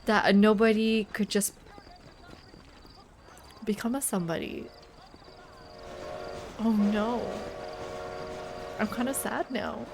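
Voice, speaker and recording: A woman's voice: medium pitch, slow, gravelly, pauses often, slight background noise. A woman streaming a video game, making wry, joking asides. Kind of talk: casual gameplay commentary.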